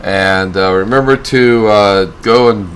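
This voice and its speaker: A man co-hosting a live stream, wrapping up the show in a halting way with many fillers. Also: lowish voice, fairly bright tone, a little hiss or hum. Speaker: co-host. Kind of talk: show sign-off.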